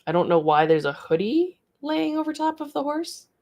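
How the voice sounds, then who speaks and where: A woman's voice: high voice, big pitch swings, normal speed, a little mellow. A middle-aged woman casually chatting on a livestream about her art studio, rambling and greeting viewers as she reads their comments. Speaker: artist hosting a studio livestream.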